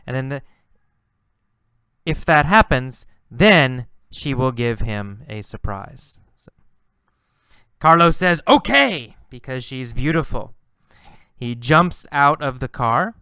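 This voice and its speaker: A patient male English teacher explains words with lots of repetition. He speaks very slowly, with a crisp, clear voice. The sound is dry and close. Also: medium pitch, animated, bright, forceful tone, no echo. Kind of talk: slow, repetitive lesson narration.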